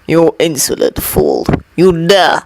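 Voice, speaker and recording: A woman voicing a menacing male alien villain with a slow, threatening snarl. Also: deep voice, wildly swooping pitch, a little mellow, no echo, pitched below the performer's own voice, exaggerated voice.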